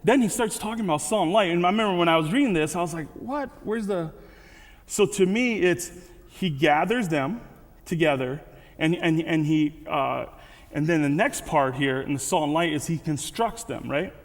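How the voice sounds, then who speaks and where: A man's voice: fairly high pitch, normal speed. A man giving a casual, conversational sermon with frequent restarts and asides. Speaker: guest speaker. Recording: reverberant hall.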